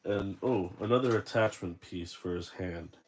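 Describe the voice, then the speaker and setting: A man's voice: sits low, normal speed, slight background noise. A man unboxing a toy figure and chatting casually, rambling and correcting himself as he tells a story.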